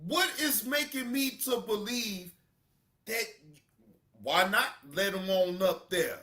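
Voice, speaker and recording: A man streaming a reaction video, cursing and mocking in a comedic rant that breaks into loud shouts. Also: high voice, takes it slowly, roomy sound.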